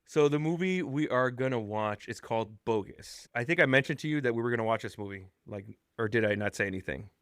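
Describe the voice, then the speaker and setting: A man's voice: mid-range voice, fast, hardly any pauses, no room sound, clean studio sound. A man hosting a casual podcast chat, talking freely and laughing often. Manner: laughs often, chatty and animated. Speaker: podcast host.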